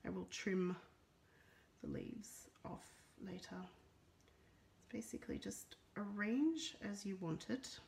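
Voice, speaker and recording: A woman's voice: mid-range voice, slow, vocal fry, pauses often, a little mellow, a little hiss or hum. A middle-aged Australian woman chatting casually through a live papercraft demo, reading out viewer comments as she works. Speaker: papercraft demonstrator. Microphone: phone.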